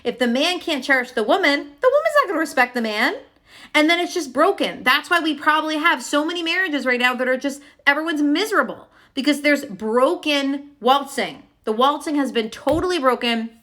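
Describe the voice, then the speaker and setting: Bright, chatty young woman coach. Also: high-pitched, lively intonation, fairly quick. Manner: chatty and emphatic, full of "like" and "okay?". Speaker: love coach. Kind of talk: casual teaching monologue to camera.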